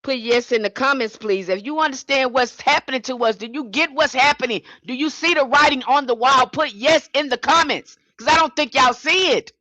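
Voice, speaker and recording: Fiery, forceful woman preaching. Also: sits high, a little fast, few pauses, dry recording. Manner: fiery, confrontational, repetitive. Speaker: spiritual teacher. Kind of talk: impassioned livestream sermon.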